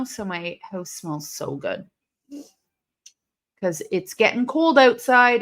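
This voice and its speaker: Woman streamer chatting slow, kinda high voice, reads her chat, yells when stuff happens. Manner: sudden excited outbursts at the action. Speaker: live stream host. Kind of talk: casual live watch-along chat.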